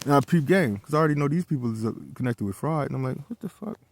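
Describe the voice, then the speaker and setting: A man's voice: medium pitch, very fast, dry recording. A man telling a personal story in a casual, heated monologue, swearing often and repeating himself as he goes.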